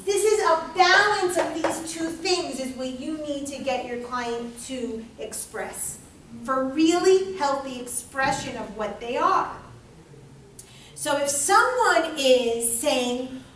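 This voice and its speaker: A woman teaching a workshop in a lively, blunt way, acting out quotes in funny voices. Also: high-pitched. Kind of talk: lively workshop talk with acted anecdotes. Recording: echoey room, mic far off, faint noise.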